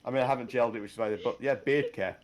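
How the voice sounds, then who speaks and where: A man's voice: mid-range voice, very fast. A man chatting casually on a podcast, rambling and laughing often. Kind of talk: casual chat.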